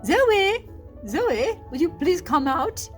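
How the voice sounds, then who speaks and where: A woman's voice: very high voice, sing-song, slow pace, faint music behind, heavily acted. A woman voicing a playful grown-up puppet lady who chats with a child puppet in a children's lesson, in a sing-song teacher voice.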